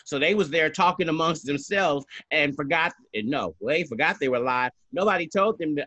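A man's voice: a little high, fairly quick, few pauses, sharp tone, no room sound. A man co-hosts a casual podcast with sassy, emphatic delivery and frequent swearing. His voice is recorded dry and close, with no room sound. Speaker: podcast co-host. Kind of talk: casual chat.

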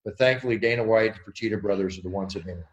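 A middle-aged man tells his stories at a fast clip, with energy. His voice sits a bit low, and he acts out quotes and sound effects as he talks. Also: lo-fi sound. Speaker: interview guest, ring announcer. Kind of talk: animated storytelling.

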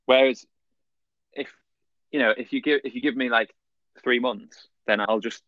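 A man in his twenties chatting casually, halting and repeating words as he talks. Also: medium pitch, fairly even intonation, dry recording. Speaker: podcast co-host. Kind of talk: casual chat. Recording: dry muffled lo-fi recording.

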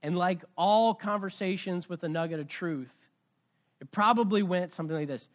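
A pastor preaching a conversational sermon, telling a story with swings between loud and soft. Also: male voice, high voice, normal speed.

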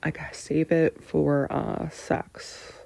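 Slow, gravelly, hesitant woman. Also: low-pitched, little pitch movement, darkish tone, no echo. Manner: hesitant, lots of pauses and fillers, drifting into breathy near-whispers. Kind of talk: candid answering of personal questions.

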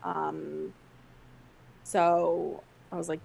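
A woman's voice: lowish voice, normal speed, gravelly, poor audio. A woman co-hosting a podcast, telling a story in casual chat with many fillers. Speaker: podcast co-host.

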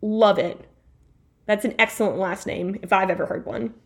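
A woman's voice: mid-range voice, steady tone, normal speed, vocal fry. A woman talks casually as a podcast co-host, walking through a show's characters. She is chatty and playful, often stopping to correct herself and toss in asides.

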